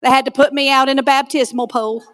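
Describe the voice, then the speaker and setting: High-voiced woman telling comic stories on stage. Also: fairly even intonation, fast, a bit bright, slight background noise. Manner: folksy, self-deprecating, punchline delivery. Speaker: keynote speaker. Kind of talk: comedic motivational keynote storytelling. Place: conference stage before a live audience.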